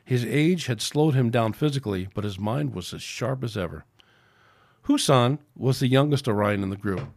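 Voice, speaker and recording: A man hosting a podcast, reading his own science fiction story aloud in a steady, plain manner with small slips. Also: medium pitch, moderate pace, no room sound.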